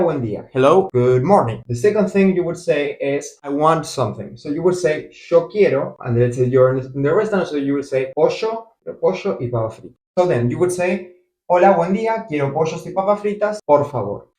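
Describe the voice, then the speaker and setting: A man from Argentina with an Argentine accent, teaching in a casual video lesson and repeating phrases slowly so learners can follow. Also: on the high side, echoey room, poor audio. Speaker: Spanish teacher.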